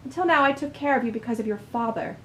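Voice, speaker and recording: A woman's voice: fairly high pitch, fast talker, a bit bright, reverberant, slight background noise, natural voice. A woman playing a stern, cold rich mother. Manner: stern, dismissive.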